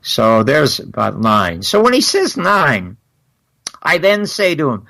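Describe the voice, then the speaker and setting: An older man with a gravelly, crackling voice, speaking as an interview guest. He tells long stories at a middle pitch and slips into lively acted-out dialogue. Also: takes it slowly. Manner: animated, acts out quoted exchanges.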